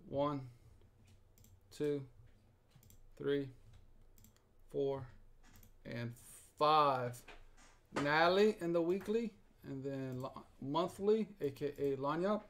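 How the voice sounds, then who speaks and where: An excitable host giving live commentary while opening sports cards, exclaiming over the pulls. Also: mid-range voice, extremely slow, long pauses. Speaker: sports card break host. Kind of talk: live card-break commentary.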